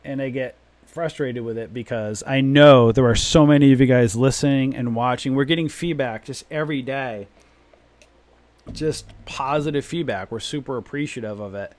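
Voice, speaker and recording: A man's voice: mid-range voice, normal speed, a little mellow. A man hosting a live trading stream, talking emphatically and repeating his points in a long rant. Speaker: trading room host.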